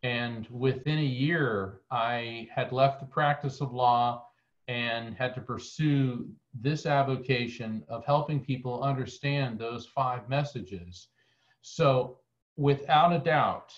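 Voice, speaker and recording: A man's voice: mid-range voice, slow. A man speaking as a guest medium on a video call, telling a personal story in an earnest, conversational way. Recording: dull lo-fi video call audio.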